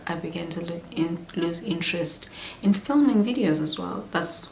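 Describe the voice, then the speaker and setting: A woman in her thirties, candidly chatting through a personal pregnancy vlog, sometimes dropping into soft whispery asides. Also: lowish voice. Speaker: vlogger. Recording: echoey room with faint hum.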